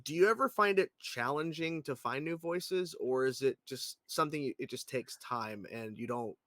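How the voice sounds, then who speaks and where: A man hosting an interview, eager and friendly, asking loose rambling questions and chiming in with quick agreement. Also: mid-range voice, a bit bright, dry recording, studio quality. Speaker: host.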